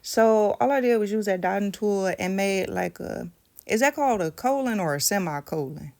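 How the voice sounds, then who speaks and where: Speaking at normal speed in a mid-range voice with vocal fry and a slightly mellow tone, a woman does her nails while playfully chatting to viewers. She's a nail tutorial vlogger, pregnant and comfortable.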